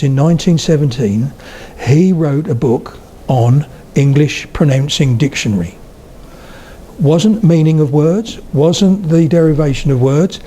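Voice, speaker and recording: A man's voice: fairly high pitch, warm tone, a little hiss or hum. An older man giving a public lecture, telling humorous anecdotes as he goes. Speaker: speaker on the history of spoken English.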